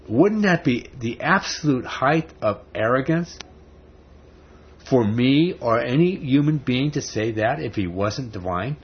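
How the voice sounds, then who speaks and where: A man with a mid-range, breathy-edged voice preaches at normal speed, his pitch swinging widely. His sermon stays conversational and builds to emphatic rhetorical questions, captured on a dull lo-fi recording with faint background noise.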